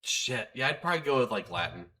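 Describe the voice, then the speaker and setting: Relaxed, teasing male podcast co-host. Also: mid-range voice, quick pace. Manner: relaxed, teasing, hesitant with fillers. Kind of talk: casual chat.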